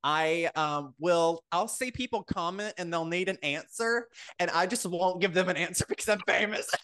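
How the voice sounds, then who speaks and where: A man's voice: high-pitched, normal speed, bright, forceful tone, smooth. A young adult man co-hosting a podcast, rambling through casual chat with lots of fillers. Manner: rambling, filler-heavy, laughing. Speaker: podcast co-host.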